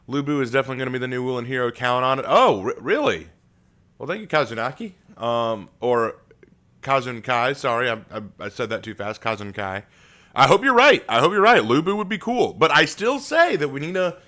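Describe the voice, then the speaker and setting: A man's voice: mid-range voice, sharp tone. Chatty man hosting a live stream. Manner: chatty, reads viewer messages aloud. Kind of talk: casual live stream chat.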